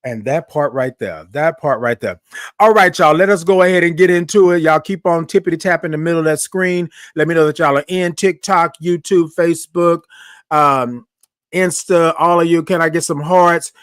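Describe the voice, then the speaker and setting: On his morning live show, a man speaks in a slightly high, fairly bright, clean voice with a steady tone, tossing out "y'all" in easygoing Southern-style talk. He's friendly and loose, turning each viewer's hello into a drawn-out sung call. The sound is dry and close, with no room acoustics.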